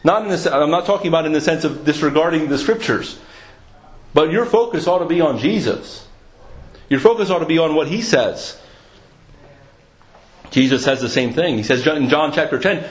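A man's voice: a little high, expressive, a little fast. A man preaching a sermon, earnest and questioning, restarting his sentences often. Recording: echoey room.

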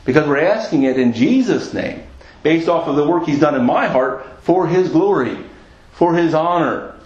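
A man's voice: on the high side, lively intonation, normal speed, a little mellow. Man preaching in an echoey room. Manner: earnest preaching, repeats phrases for emphasis. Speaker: pastor. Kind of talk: sermon. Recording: echoey, dull lo-fi church recording.

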